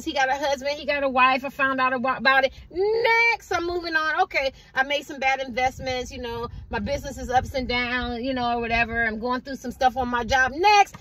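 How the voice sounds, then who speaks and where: A woman's voice: sits high, sharp tone. A woman tarot card reader giving a casual collective reading, rambling and conversational and asking "you know what I mean" again and again.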